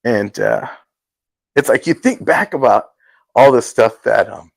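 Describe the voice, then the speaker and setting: Fields: Sex: man. Role: talk show host. Style: casual testimony chat. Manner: earnest, halting, acts out quotes. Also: mid-range voice, lively intonation, vocal fry, dry recording, low-quality recording. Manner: earnest, halting storytelling with restarts.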